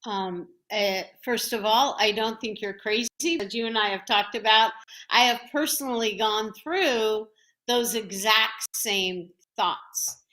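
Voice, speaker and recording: A woman hosting a talk show, speaking in a measured, heartfelt way with pauses as she shares her own experience. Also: medium pitch, sharp tone. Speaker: host.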